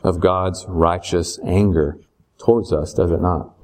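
A man's voice: low voice, fairly even intonation, measured pace, a little mellow. A man teaching a Bible lesson in a conversational way, often checking in with rhetorical questions.

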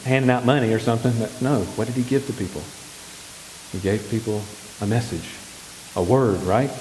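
A man's voice: medium pitch, a little mellow. A male pastor preaching a sermon, asking the congregation questions and answering them himself. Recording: echoey hall with faint hiss.

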